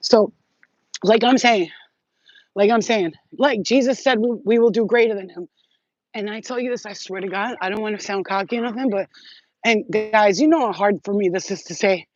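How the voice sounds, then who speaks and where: A woman talking straight to her viewers in a rambling, excitable, profane monologue full of street slang. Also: medium pitch, fairly quick, no echo, highs cut off. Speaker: spiritual vlogger.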